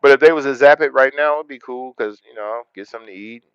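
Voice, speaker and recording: A man hosting a casual livestream, talking to viewers in a relaxed, slangy way. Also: medium pitch, fast talker, clean tone, no room sound, dull audio. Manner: laid-back, slangy, talks straight to chat. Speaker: livestream host.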